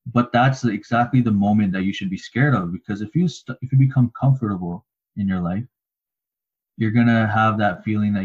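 A man's voice: on the low side, fairly quick, darkish tone, breathy edge, highs cut off. A man co-hosting a casual talk show, reflective and rambling with fillers. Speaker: podcast co-host. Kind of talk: casual chat.

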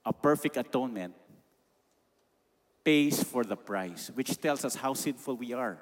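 Man, Filipino accent, preaching, emphatic, mid-pitched voice, long hall reverb. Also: lively intonation, unhurried. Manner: emphatic, mixes in Tagalog phrases. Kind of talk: sermon.

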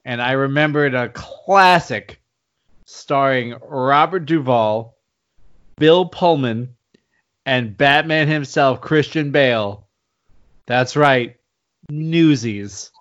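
A man's voice: medium pitch, a bit bright, dull audio. Joking podcast host, a man. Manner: jokey, laughing, quick asides. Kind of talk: casual podcast chat.

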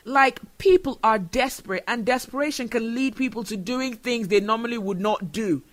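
A man's voice: extremely high pitch, normal speed. A man from Nigeria, hosting a solo podcast and talking in an earnest, emotional way. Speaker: show host.

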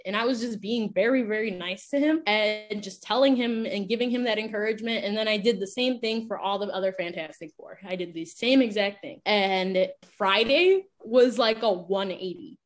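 A woman's voice: medium pitch, normal speed, hardly any pauses. Chatty woman teacher telling classroom stories. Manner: lively storyteller, acts out classroom dialogue; frequent fillers like "like" and "right?". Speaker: teacher, podcast co-host. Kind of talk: casual storytelling chat.

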